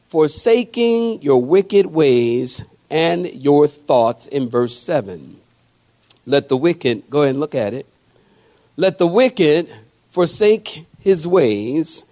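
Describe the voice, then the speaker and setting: A male pastor preaching a sermon in a folksy, animated way with quick asides to the congregation. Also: a little high. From not from the American South.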